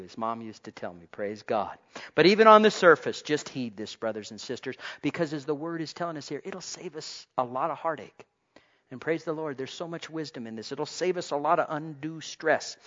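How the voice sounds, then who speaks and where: A man preaching a sermon to his congregation, swinging between loud exclamations and soft asides. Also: a little high, animated, moderate pace. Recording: dull lo-fi recording.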